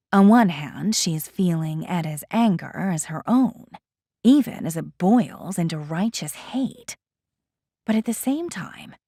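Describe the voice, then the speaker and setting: Lady reading an audiobook, slow and expressive, super dry close mic. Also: medium pitch, slightly rough, no room sound. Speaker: audiobook narrator. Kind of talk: scripted narration.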